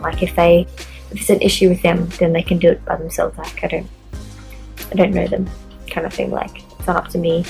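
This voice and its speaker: A woman's voice: lowish voice, creaky, a little mellow, rough recording. A young woman vlogging to camera, telling a story in a chatty way, swearing often and saying "like" constantly.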